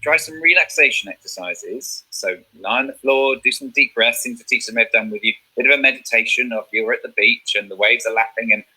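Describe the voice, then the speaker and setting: A man's voice: mid-range voice, a little fast, few pauses, bright, forceful tone, breathy edge, poor audio. A man teaching a drama revision lesson, explaining step by step and checking in with "okay?".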